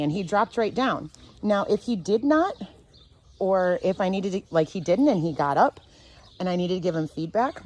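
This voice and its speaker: A woman dog trainer teaching outdoors, calm and sure as she explains leash handling. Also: on the low side. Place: outdoors near a fenced dog area.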